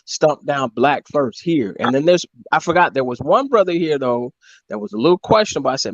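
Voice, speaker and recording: A man talking in a loud, joking podcast chat, often putting on mocking voices. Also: fairly high pitch, lively intonation, a little fast, vocal fry, dry recording, highs cut off. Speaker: podcast co-host. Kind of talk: casual comedic chat.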